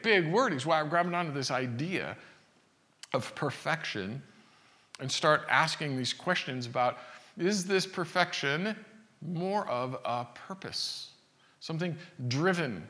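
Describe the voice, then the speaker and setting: A man preaches with a lively, bright voice that rises and falls through rhetorical questions, often restarting his sentences as he talks. His voice carries through a reverberant hall. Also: mid-range voice. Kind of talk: sermon.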